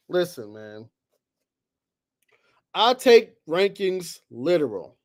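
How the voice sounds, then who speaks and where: Male sports talk host with a high voice, ranting in heated, exasperated bursts. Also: expressive, unhurried, pauses often. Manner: heated, exasperated, swings between loud outbursts and low muttering. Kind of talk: animated solo sports talk.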